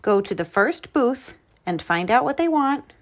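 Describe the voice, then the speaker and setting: Diner cook played by a woman, brusque, sharp, questioning, high voice, storybook reading. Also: expressive, unhurried. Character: gruff, busy diner cook. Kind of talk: storybook read-aloud.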